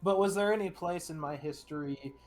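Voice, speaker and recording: A man's voice: sits high, fairly quick. A man playing in a tabletop game, asking long, curious, rambling questions in casual chat. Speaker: player.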